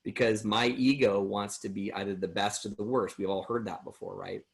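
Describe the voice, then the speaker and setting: A man's voice: on the low side, steady tone, normal speed, gravelly. A middle-aged American man tells his personal recovery story at a workshop, earnest and rambling, with many restarts.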